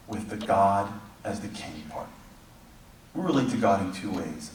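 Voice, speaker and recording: A man's voice: deep voice, expressive, measured pace, darkish tone, a little hiss or hum. A man giving a sermon, telling stories with animation and acting out the voices in them. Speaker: preacher. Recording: echoey hall from far off, faint background.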